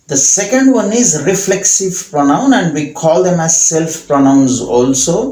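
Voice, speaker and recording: A man with an Indian English accent explains grammar in a slightly high voice. He talks slowly and repeats each example sentence. The room around him is echoey. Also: a little mellow. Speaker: English teacher. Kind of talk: grammar lesson.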